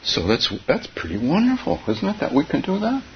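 A man giving a dharma talk as a meditation teacher, soft-spoken and halting, often laughing gently between phrases. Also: sits high, huge pitch swings. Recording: dull, slightly hissy recording.

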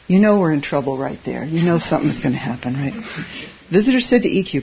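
A Zen teacher giving a relaxed, conversational dharma talk, chuckling at their own asides. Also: mid-range voice, a little fast, husky, lo-fi sound.

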